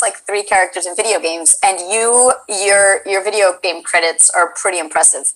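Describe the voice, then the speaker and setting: A young woman from Colombia hosting a casual stream interview, bubbly, chatty and quick to laugh. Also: medium pitch, lively intonation, a bit bright, poor audio. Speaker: Twitch stream host.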